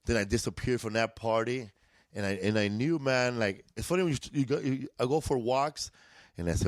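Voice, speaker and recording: In an indoor podcast studio, a man from East Los Angeles talks as a comedian guest, loose and profane and laughing as he tells stories. His mid-range voice is brisk, and the recording has no echo.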